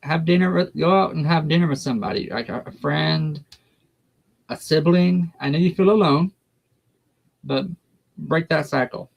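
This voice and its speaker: A man's voice: a little high, normal speed, gravelly, long pauses. A man giving a tarot reading on a livestream in a blunt, folksy way. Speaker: tarot reader.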